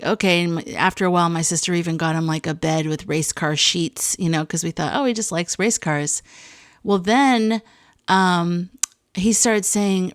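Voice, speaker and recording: A woman's voice: lowish voice, dry recording, studio quality. A woman hosting a podcast, chatting casually and reading listener stories aloud, with many asides and fillers. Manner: conversational, lots of fillers and asides. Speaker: podcast host.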